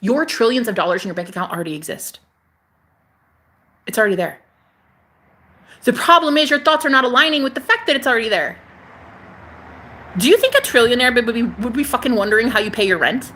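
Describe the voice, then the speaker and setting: Sassy bright-voiced woman vlogger. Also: on the high side, animated, brisk, pauses often. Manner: sassy and profane, calls viewers honey; emphatic, repeats phrases, laughs often. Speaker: spiritual vlogger. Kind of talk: casual spiritual monologue to camera.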